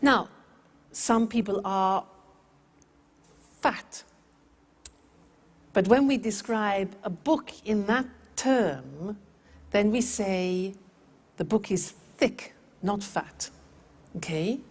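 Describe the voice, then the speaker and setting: A woman teaching an English lesson at a slow, measured pace. She speaks deliberately and repeats each word carefully so learners can follow its pronunciation. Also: medium pitch, animated. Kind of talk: scripted language lesson.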